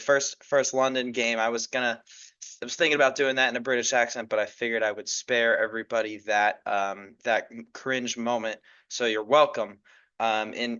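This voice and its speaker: A man's voice: medium pitch, pushed and bright, muffled recording. A young man hosting a solo sports podcast, chatting casually and rambling with lots of fillers and restarts. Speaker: podcast host.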